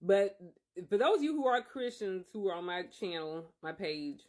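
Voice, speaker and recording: A man's voice: sits high, big pitch swings, moderate pace, darkish tone. A man hosting a podcast, telling a personal faith testimony in an earnest, emphatic way. He often circles back and repeats his phrases. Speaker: podcast host.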